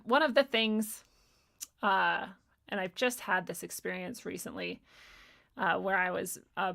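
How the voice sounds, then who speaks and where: A woman's voice: mid-range voice, gravelly, sharp tone. Candid, laughing woman host musing aloud. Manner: rambling and candid, swears freely, laughs often; reads out viewer chat comments. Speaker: spiritual livestream host. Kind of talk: casual spiritual talk.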